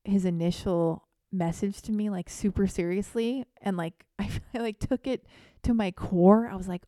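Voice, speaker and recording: Warm-voiced woman telling a comic story. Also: mid-range voice, normal speed, dry recording, studio quality. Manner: animated, self-deprecating, theatrical. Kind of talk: comedic storytelling monologue.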